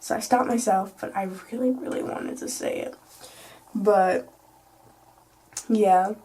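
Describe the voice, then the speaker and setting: A woman's voice: medium pitch, slow, warm tone, slightly rough. A teenage girl telling a casual storytime vlog, chatty and full of "like" and "you know". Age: teens. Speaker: vlogger.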